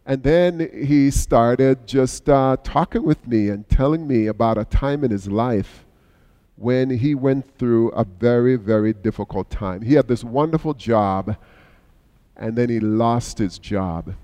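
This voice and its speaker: A middle-aged male pastor preaching a sermon, telling a story with sudden swings between hushed and raised passages. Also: mid-range voice, unhurried. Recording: long hall reverb.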